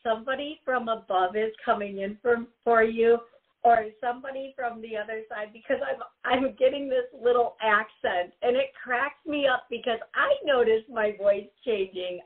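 A woman hosting a call-in radio show as a psychic, chatty and given to giggling, repeating her warnings to the caller. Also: fairly high pitch. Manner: chatty, giggly, gives advice in repetitive warnings. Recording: tinny phone-like audio.

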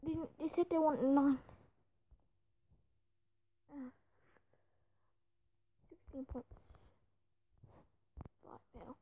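A woman's voice: high voice, steady tone, very slow, pauses often, mellow. A woman giving running commentary over a football management game, often exasperated and muttering to herself. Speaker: gaming video creator. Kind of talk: gameplay commentary.

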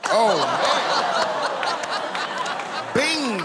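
Man, comedic roast delivery, slow-paced, mock-shocked asides, loud live audience, noisy stage. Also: high voice. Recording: loud live crowd noise.

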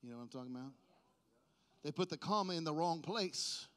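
A man with a high-pitched voice delivers a sermon. He moves between low, conversational talk and loud, stretched-out proclamations, teasing his listeners along the way. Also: expressive, a little fast, smooth. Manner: playful, jokes with the congregation. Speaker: preacher.

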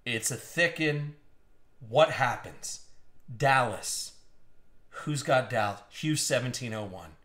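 A man hosting a live card-opening stream, excitable and swinging from hype to hushed suspense. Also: medium pitch, takes it slowly, pauses often, reverberant. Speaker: card break host.

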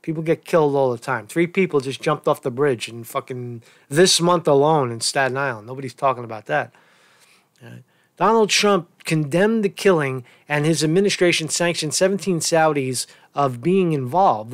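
A man's voice: a little high, normal speed, no echo. Profane ranting man reading the news. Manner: angry, swearing, sarcastic commentary; reads news aloud then rants about it. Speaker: news commentary vlogger. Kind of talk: casual profane news rant.

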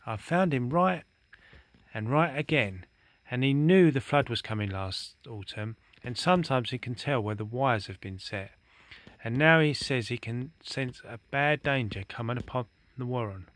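A man's voice: mid-range voice, moderate pace, fairly bright tone, dry recording, natural voice. A man voicing a polite, hesitant young male rabbit in a storybook reading, speaking respectfully and earnestly.

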